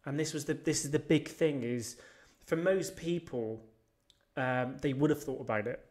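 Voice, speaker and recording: A man talks as a podcast guest, retelling personal stories in a loose, casual way. He is blunt and swears freely, with lively shifts in his telling. His voice sits at an ordinary middle pitch for a man. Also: normal speed. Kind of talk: casual storytelling chat.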